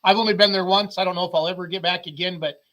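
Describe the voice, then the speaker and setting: A man hosting a livestream show in casual chat, excitable and chatty, laughing often. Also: high-pitched, racing.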